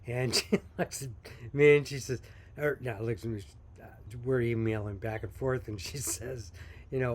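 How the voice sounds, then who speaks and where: A man's voice: mid-range voice, steady tone, moderate pace, a little hiss or hum. A man who owns a small coffee company, telling his story in a chatty, folksy way and chuckling now and then. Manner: folksy, chatty, laughs while telling stories. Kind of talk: casual storytelling to camera.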